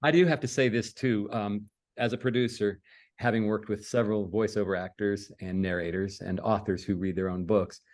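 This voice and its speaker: A man's voice: on the low side, fairly even intonation, normal speed, darkish tone. A man from Maryland, a producer co-hosting the interview, talking in an enthusiastic, affirming way and laughing easily. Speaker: producer, co-host. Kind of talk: casual interview chat.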